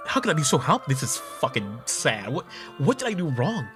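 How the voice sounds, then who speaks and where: A man streaming a game, reading its dialogue aloud and breaking off into excitable, profane reactions. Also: on the high side, normal speed, over music.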